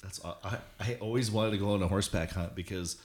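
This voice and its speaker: A man's voice: low voice, quick pace. A man hosting a casual interview, chummy and loose, asking follow-up questions. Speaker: podcast host.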